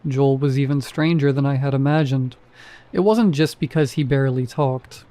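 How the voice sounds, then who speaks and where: A man's voice: medium pitch, moderate pace, mellow. A man narrating a first-person horror story in a wry, conversational way.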